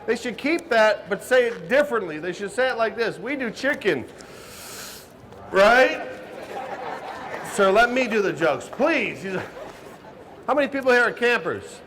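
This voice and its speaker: A man with a high voice does brash stand-up for a live crowd, teasing people in the audience. A steady murmur of people and background noise fills the recording. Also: normal speed. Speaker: stand-up comedian and cooking show host. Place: outdoor stage at a crowded show.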